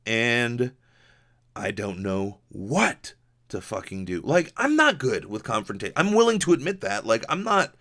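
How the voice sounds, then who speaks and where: A man's voice: medium pitch, very animated, unhurried, a bit bright. A young man from Hawaii hosting a podcast, telling a story in a rambling, profane casual monologue full of restarts and fillers. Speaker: podcast host.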